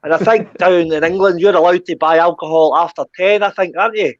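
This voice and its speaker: A man on a comedy panel, heard over a video call. His voice sits fairly high, the sound is dry and a bit dull and lo-fi, and he keeps cracking jokes and laughing. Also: fairly even intonation, a little fast, no room sound. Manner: jokey, laughs a lot.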